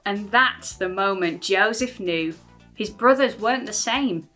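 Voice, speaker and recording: A woman presenting a children's school assembly video with slow, expressive storytelling. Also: medium pitch, soft background music.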